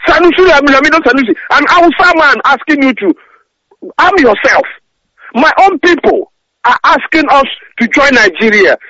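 A man's voice: extremely high pitch, animated, normal speed, sharp tone, no room sound. A man calling in to a radio talk show, ranting angrily and stumbling over his words. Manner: angry, repetitive stammering rant. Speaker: caller. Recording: dull lo-fi phone-in audio.

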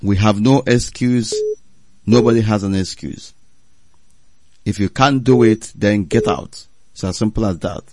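A man's voice: on the low side, unhurried, long pauses, a little mellow, no room sound. A man hosting a radio call-in show, firm and insistent, repeating his prompts to callers.

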